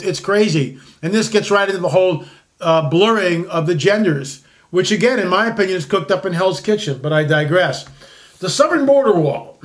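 A man's voice: high voice, fairly bright tone. A man in his sixties hosting an opinionated commentary monologue, rambling with frequent restarts and asides. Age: 60s. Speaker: host.

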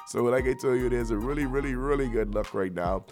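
A man hosting morning radio, rattling off banter with lots of slang and energy. He sits at a middle pitch, neither deep nor high. Soft music plays low behind him. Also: fairly quick. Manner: energetic, rambling hype talk with slang. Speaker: morning radio show host.

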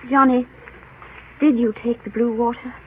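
An actress playing an anxious, tender young woman, speaking in a soft, earnest, emotional way in an old radio drama. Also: on the high side, steady tone, moderate pace, close to an everyday voice. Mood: pleading. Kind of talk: 1930s radio drama acting. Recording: narrow phone-like old radio broadcast with faint hiss.

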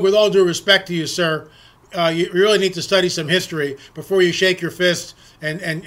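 A man's voice: high-pitched, bright, forceful tone. A middle-aged man hosting an opinionated political monologue, talking emphatically and repeating words as he presses his points. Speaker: political commentary host.

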